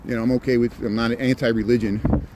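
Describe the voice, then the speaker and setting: A man's voice: mid-range voice, level tone, fast. A middle-aged man walking city streets at night, chatting to his phone camera in a rambling way with many restarts. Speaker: walking vlogger. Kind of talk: casual walking commentary. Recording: faint street and traffic noise.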